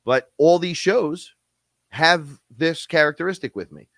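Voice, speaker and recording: A man ranting in a casual, blunt, profane way on a podcast, quick and heated, often slipping into imitations of other people. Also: fairly high pitch, lively intonation, dry recording. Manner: blunt, profane, fast-talking, mimics others. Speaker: podcast guest-host. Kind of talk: casual rant.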